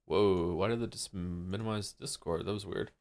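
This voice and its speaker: Guy on a stream, lowish voice, rambling and restarting, thinking out loud at his desk mic. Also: steady tone, moderate pace. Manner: rambling, many fillers and restarts. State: losing his voice. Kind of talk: casual chat with chat.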